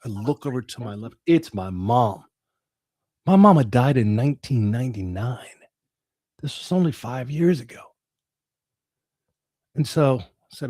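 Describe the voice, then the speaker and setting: A man's voice: mid-range voice, lively intonation, measured pace, long pauses, darkish tone, husky, no room sound, studio quality. A middle-aged man, an interview guest, telling a dramatic personal story with the odd laugh.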